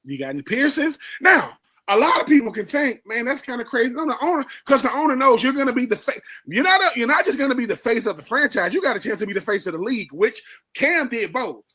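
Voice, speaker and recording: Bright, emphatic male sports radio co-host. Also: very high-pitched, expressive, fast talker, husky. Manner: emphatic, repeats words for stress; talks straight to his co-host.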